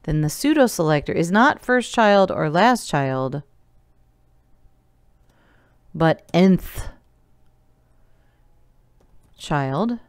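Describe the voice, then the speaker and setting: A woman teacher walks through a remote coding lesson slowly and patiently, counting things out step by step. Her voice sits low, smooth and clear. It is recorded dry and close, with no room echo. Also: expressive.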